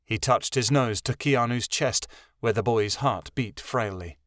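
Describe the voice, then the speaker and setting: A man narrating a fantasy audiobook in an even storytelling manner. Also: mid-range voice, unhurried, no room sound, studio quality.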